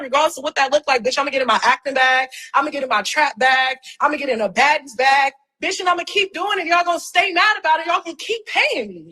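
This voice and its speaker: A young woman rants into her phone on a livestream, defiant and swearing freely. Her voice sits high and sounds bright and forceful. She keeps circling back to the same blunt phrases. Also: low-quality recording. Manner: defiant, profane, repeats "straight up". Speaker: reality TV personality on a livestream. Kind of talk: ranting livestream.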